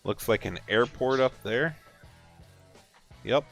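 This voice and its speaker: A man's voice: medium pitch, takes it slowly, soft background music. A man chatting casually and teasing viewers while streaming a farming game. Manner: relaxed, chatty, teasing chat. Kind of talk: casual gameplay livestream chat.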